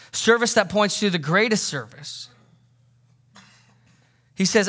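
A man preaching with an easygoing, conversational delivery that slips into jokes and then lands his points firmly. His voice sits a little higher than most men's. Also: a bit bright. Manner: conversational, joking, emphatic. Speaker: pastor. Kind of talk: sermon.

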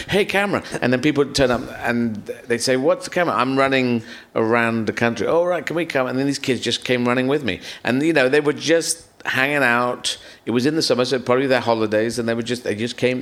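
A man, a comedian guest on a live podcast, telling rambling, animated stories full of acted-out quotes and swearing. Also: mid-range voice.

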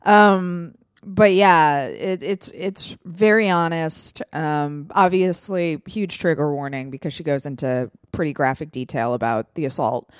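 Chatty, frank woman host, low voice. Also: measured pace, clear, resonant tone, no echo, studio quality. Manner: chatty, frank, swears casually, many fillers. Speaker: podcast host. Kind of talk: casual chat.

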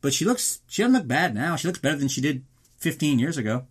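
A man hosting a podcast, recapping a film in a casual, sarcastic, profane way and slipping into quick mock voices. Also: fairly high pitch, very animated, slightly rough. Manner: reads a mock ad in an upbeat announcer tone.

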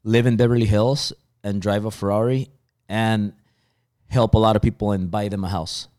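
A man's voice: fairly low pitch, steady tone, moderate pace, a little mellow. A man around forty, a business guest in a casual interview, speaking confidently and boastfully and often restarting his sentences. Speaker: entrepreneur guest.

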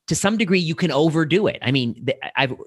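A man hosting a relaxed chat. His pitch swings up and down as he talks, with lots of "um"s and restarts. The sound is dry and close. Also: fast talker, slightly rough, no room sound. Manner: animated, many fillers and restarts. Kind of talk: casual conversation.

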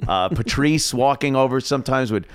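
A man, a former radio host telling stories in a relaxed podcast chat, pausing often on "uh". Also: medium pitch, smooth, no room sound, studio quality. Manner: relaxed, laughs easily, many "uh" pauses. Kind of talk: casual storytelling chat.

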